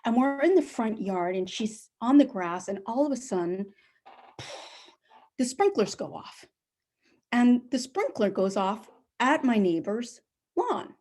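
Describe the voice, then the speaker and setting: A middle-aged woman telling a personal story on a live stage, animated and acting out the people she quotes. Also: a little slow, long pauses. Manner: animated, acts out quoted voices with big pitch jumps.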